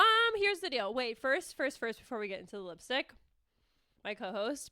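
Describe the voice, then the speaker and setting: A woman's voice: sits high, animated, normal speed, sharp tone, dry recording. A young woman hosting her own podcast, chatting casually and bubbly, swearing freely and rambling through restarts on a close microphone. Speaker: podcast host. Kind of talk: casual solo podcast chat. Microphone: close podcast mic.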